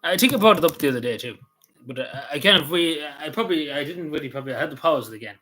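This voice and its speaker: A man with a Cavan Irish accent talks quickly on a casual livestream. His voice is bright and tense. He rambles, breaks off and restarts his sentences, and fills the gaps with "um" and "like.". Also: fairly high pitch, expressive. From Ireland. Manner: rambling, full of restarts and fillers. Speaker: vlogger.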